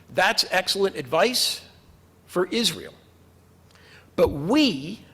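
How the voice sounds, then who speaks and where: A man giving a sermon as a rabbi, speaking in an earnest, measured way with emphatic repetition, in a synagogue sanctuary. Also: sits high, fairly bright tone. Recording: long reverb of a large hall.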